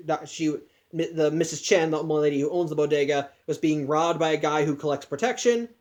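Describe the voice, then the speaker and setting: A man casually recapping a film plot, talking in a loose, chatty way with many restarts and asides. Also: a little high. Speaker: podcast host.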